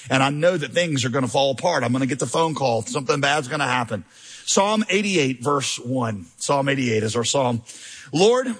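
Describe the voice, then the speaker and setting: A man preaching a conversational, animated sermon as pastor, mixing self-deprecating humor with intense scripture reading. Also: on the high side, husky. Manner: reads scripture with rising intensity.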